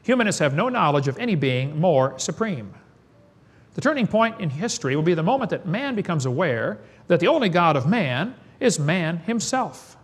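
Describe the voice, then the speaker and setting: A man's voice: a little high, sing-song, moderate pace, husky. A man giving a preaching lecture to an audience in a folksy, emphatic way, firing off rhetorical questions and chuckling. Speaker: creationist seminar speaker.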